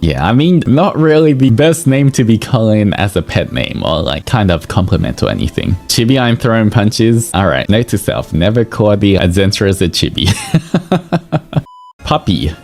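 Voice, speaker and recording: Male streamer, low voice that swings widely in pitch, casual and teasing, laughs a lot, faint music under him. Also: a little mellow. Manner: playful, laughs often, teasing. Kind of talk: casual chat.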